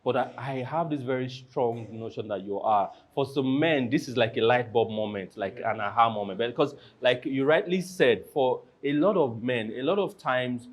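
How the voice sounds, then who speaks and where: A man hosting a panel discussion, animated and acting out quoted lines as he talks. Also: mid-range voice, moderate pace, hardly any pauses.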